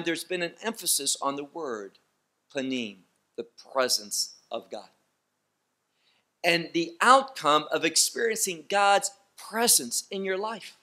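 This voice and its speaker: A man teaching scripture in a slow, measured way, letting each phrase land. His voice sits high and sounds bright and clear. He stresses key words and asks questions he then answers himself. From Israel. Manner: deliberate, emphatic teaching with rhetorical questions. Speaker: Bible teacher. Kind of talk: Bible teaching lecture.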